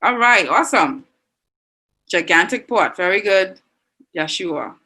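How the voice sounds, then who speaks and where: A woman's voice: mid-range voice, expressive, measured pace, sharp tone. A woman with a Bahamian accent teaching an online language class, reading out students' answers and praising them. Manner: encouraging, reads out students' chat answers.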